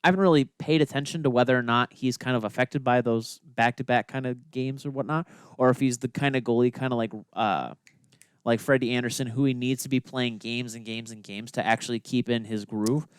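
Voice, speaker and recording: A man's voice: medium pitch, steady tone, a little fast, smooth, no echo, clean studio sound. Laid-back male hockey podcast co-host. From Minnesota. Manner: laid-back, teasing banter. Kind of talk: casual sports chat.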